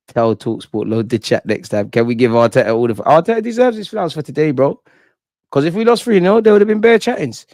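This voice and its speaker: A young football fan channel host gets fired up on a live post-match reaction stream, excitable and slangy, swearing while reading chat aloud. He talks fast in a slightly high voice, recorded close and dry with no room sound.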